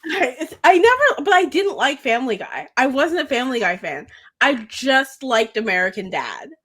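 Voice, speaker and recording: A woman's voice: high-pitched, very animated, normal speed, a bit bright. A woman co-hosting a podcast in casual chat, rambling and giggling and tripping over words. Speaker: podcast co-host.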